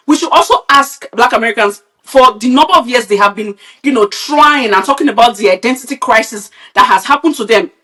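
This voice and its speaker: A woman's voice: fairly high pitch, bright, forceful tone. A woman from Nigeria, a podcast co-host, ranting bluntly and with a lot of swearing in casual, opinionated chat. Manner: blunt, profane, heated ranting.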